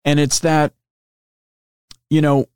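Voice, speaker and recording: A man's voice: on the high side, monotone, takes it slowly, a little mellow, clear, resonant tone, dry recording, studio quality. A man hosting a podcast, talking through a screen demo in a loose, chatty way with lots of fillers and asides. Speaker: podcast host. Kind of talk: casual explainer with screen demo.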